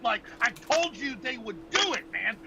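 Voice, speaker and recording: A gravelly man who rants at a strained, raised pitch, pleading with his listeners in a repetitive, swearing torrent. The recording carries noticeable background hiss. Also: big pitch swings, measured pace. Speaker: host. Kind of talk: impassioned ranting monologue.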